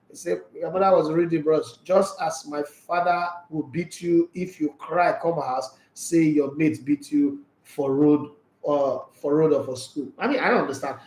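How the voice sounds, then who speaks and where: A man's voice: a little high, darkish tone, roomy sound, low-quality recording. A man with a Nigerian English accent hosting a casual sports chat, reading viewer comments and arguing with rhetorical questions, slipping into pidgin.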